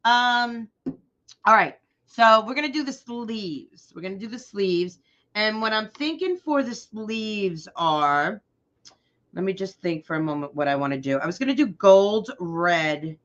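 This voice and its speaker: A woman hosting a live craft tutorial at her table, chatting loudly and excitedly with viewers as they join. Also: medium pitch, moderate pace, dull audio. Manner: loud and excitable. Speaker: craft livestream host.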